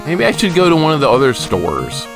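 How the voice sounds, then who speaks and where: Lively man streaming a hard game. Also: fairly high pitch, a little fast, creaky, over music. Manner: frustrated, shouts at the game, chats with viewers. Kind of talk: live gameplay commentary.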